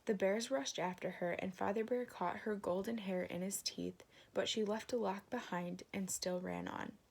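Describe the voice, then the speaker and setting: A woman reading a fairy tale aloud in a gentle storytelling manner, adding moralizing asides. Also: mid-range voice, steady tone, normal speed, gravelly, breathy edge.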